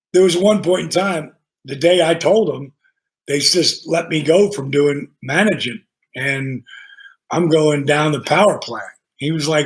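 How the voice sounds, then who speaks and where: A man guest on a podcast, telling casual stories in an animated, profane way and acting out the dialogue. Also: a little high. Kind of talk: casual storytelling.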